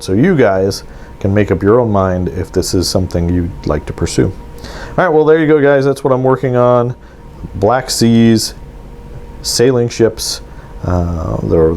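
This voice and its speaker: A man's voice: on the low side, mellow, slight background noise. A man hosting a miniatures hobby channel, talking through his models in a casual show-and-tell vlog, rambling with many ums and restarts.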